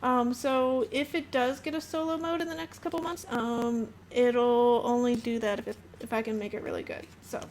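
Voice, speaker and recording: Earnest high-voiced woman designer. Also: fairly even intonation, normal speed, few pauses, a little mellow, slight background noise. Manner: earnest, many "um"s and "like"s. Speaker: game designer guest. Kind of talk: casual interview answers.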